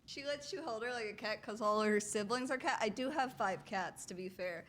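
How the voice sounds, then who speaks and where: A woman streaming a roleplay game, chatting casually to her viewers in an animated, giggly way. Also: a little high, moderate pace.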